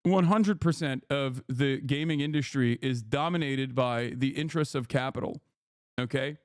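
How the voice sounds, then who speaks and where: A man's voice: mid-range voice, moderate pace, clear, resonant tone, no room sound, studio quality. A male streamer giving reaction commentary in a blunt, profane and emphatic way, often checking in with "okay?".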